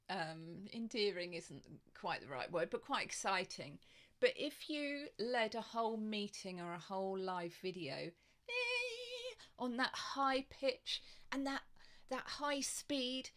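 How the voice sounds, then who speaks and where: A woman voice coach talks into a desk microphone from her home office, taking her time over each point. Her delivery is chatty and demonstrative, and she keeps showing what she means with her own voice. Her pitch sits in the middle range. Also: a bit bright. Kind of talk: online presenting tips to camera. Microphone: desk microphone in front of her.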